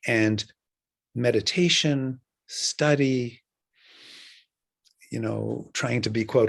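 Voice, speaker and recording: An older man giving an unhurried dharma talk as a Buddhist teacher, halting often and trailing off between phrases. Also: mid-range voice, vocal fry. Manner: unhurried, halting, many fillers.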